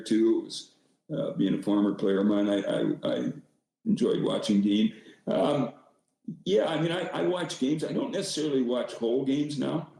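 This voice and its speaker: A man's voice: medium pitch, vocal fry, mellow, very echoey, rough recording. An older man, a former hockey coach, telling rambling stories as a podcast guest with many restarts. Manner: rambling, self-deprecating, frequent restarts. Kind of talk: casual storytelling.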